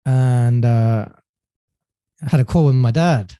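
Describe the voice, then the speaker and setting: A man as a podcast guest, telling his story in a relaxed way with many fillers and self-corrections. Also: medium pitch, slow, smooth, dry recording. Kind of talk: casual storytelling interview.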